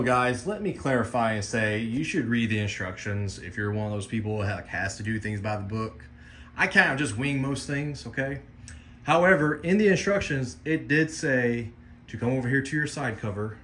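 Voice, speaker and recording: A man's voice: mid-range voice, a bit bright, a little hiss or hum. A man talking viewers through a motorcycle parts install in a loose, rambling, self-deprecating way, as a casual how-to vlogger in a garage.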